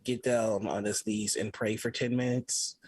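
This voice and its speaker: A man's voice: fairly low pitch, flat delivery, measured pace, darkish tone, no room sound, poor audio. A man playing a tabletop game who hesitates often and restarts his sentences as he explains his moves. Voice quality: husky. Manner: hesitant, many ums and restarts. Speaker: player.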